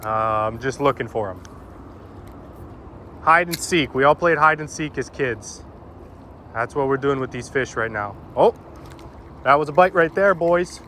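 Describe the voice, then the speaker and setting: A man's voice: medium pitch, animated, a little slow, long pauses, pushed and bright, slight background noise. Chatty man vlogging from a riverbank. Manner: chatty and informal, addressing viewers as "boys". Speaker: fishing vlogger. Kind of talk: casual vlog commentary. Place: outdoors on an urban riverbank.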